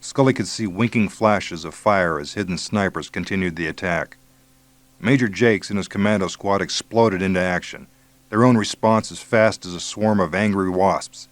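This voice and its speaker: Low-voiced male audiobook narrator. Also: moderate pace, dry recording.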